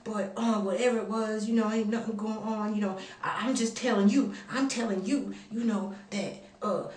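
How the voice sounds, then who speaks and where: A woman putting on a halting man leaving an excuse-filled voicemail, full of uh and you know. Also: medium pitch, steady tone, a little mellow, echoey room, recorded from a distance, close to an everyday voice. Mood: sheepish.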